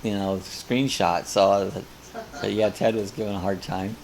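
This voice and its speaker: A man's voice: on the low side, flat delivery, measured pace, a little mellow, slight background noise. An older man hosting a live coffee chat, casually reading viewer comments aloud and rambling between them.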